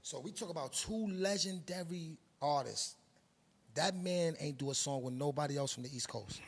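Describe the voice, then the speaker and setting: Middle-aged Harlem man, New York accent, gravelly and husky, emphatic streetwise interviewee. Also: fairly high pitch, normal speed. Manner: streetwise, preachy, emphatic with slang. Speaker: production company head. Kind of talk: interview, casual monologue.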